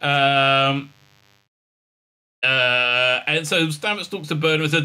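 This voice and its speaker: A man's voice: fairly high pitch, slow, pushed and bright, smooth. A man hosting a casual review vlog, sarcastic and mocking, rambling with many fillers. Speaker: show host and reviewer.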